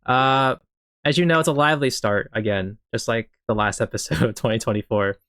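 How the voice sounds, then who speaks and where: A man's voice: mid-range voice, fairly quick, fairly bright tone, dry recording. Young man, podcast host, playful, joking, dry sound. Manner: playful, joking, laughs between lines. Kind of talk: casual chat among friends.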